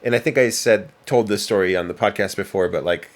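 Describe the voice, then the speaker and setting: A man's voice: lowish voice, a little fast. A man co-hosting a parenting podcast, chatting casually and rambling with lots of fillers and restarts. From United States. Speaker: podcast co-host. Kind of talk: casual chat.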